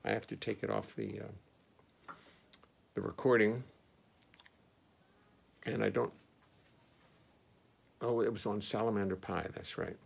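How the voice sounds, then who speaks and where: A man's voice: fairly even intonation, slow pace, vocal fry, long pauses, breathy edge. A man hosting a musical livestream from his studio, chatting in an easygoing, musing way between songs on a phone mic. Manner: musing, easygoing, talks to himself. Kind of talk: casual rambling chat between songs. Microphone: phone on a stand. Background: his own double bass playing.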